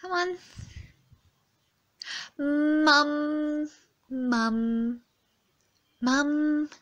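High-pitched woman coaxing her baby. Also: steady tone, extremely slow, fairly bright tone. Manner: playful, coaxing baby talk with sing-song repetition. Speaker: mother filming her baby. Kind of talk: casual home vlog, coaxing a baby. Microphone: phone.

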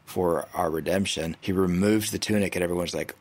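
A man's voice: low-pitched, steady tone, brisk, darkish tone. A man on a Bible discussion podcast, wry and correcting himself as he tells a story. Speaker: panelist.

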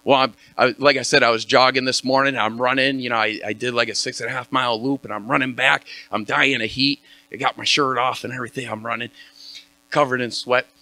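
A man's voice: mid-range voice, steady tone, a little fast, sharp tone. A man giving a casual, joking sermon intro in church, telling a story with many fillers.

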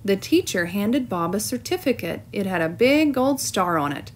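A woman teacher reading a storybook aloud with clear, expressive narration. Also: medium pitch, moderate pace, a little hiss or hum.

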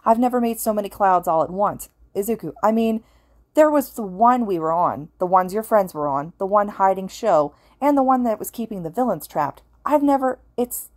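A woman voicing an agitated, sharp-tongued teenage boy ghost in a spoken fan story. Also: mid-range voice, lively intonation, moderate pace, no room sound, clean studio sound, voice pushed up, natural voice. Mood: frantic. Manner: snappish, frantic.

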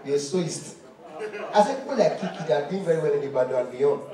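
A man with a Nigerian accent performs animated stand-up comedy, switching between pidgin and Yoruba and breaking into chants. His voice sits high for a man. The sound comes from a distance in a large, booming, echoey hall. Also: quick pace, crowd noise. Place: large indoor awards stage.

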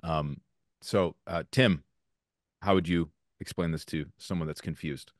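Man, lowish voice, podcast host, earnest, personal, dry sound. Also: steady tone, a little slow, dry recording. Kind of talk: casual podcast discussion.

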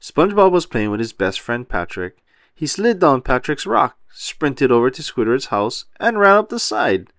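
A man reading a children's storybook aloud in a lively, expressive way. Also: medium pitch, normal speed, no echo, clean studio sound. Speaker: children's book reader.

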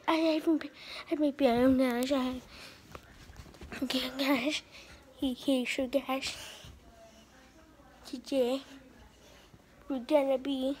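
A woman's voice: high-pitched, slight background noise. A woman rambling casually to her camera, restarting often and giggling. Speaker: vlogger. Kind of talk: casual home vlog.

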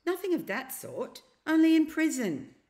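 Sly old uncle put on by a woman reading, slow and coaxy, smooth talker in a storybook. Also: sits high, wildly swooping pitch, dark tone, pitched above the performer's own voice. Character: scheming elderly uncle, smooth and evasive.

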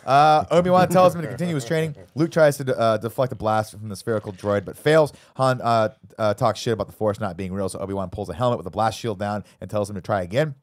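A man's voice: lowish voice, quick pace, hardly any pauses. A man co-hosting a casual movie-review podcast, recapping the plot energetically, swearing freely and acting out quoted lines. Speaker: podcast co-host.

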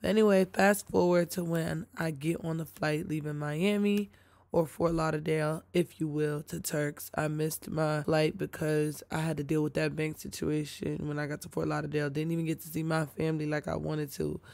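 A young woman vlogger records a casual voiceover late at night, audibly tired. Her voice is gravelly with vocal fry, and she chats straight to her viewers as she tells the story. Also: deep voice, flat delivery, normal speed, a little mellow, dry recording. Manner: chatty, addresses viewers directly.

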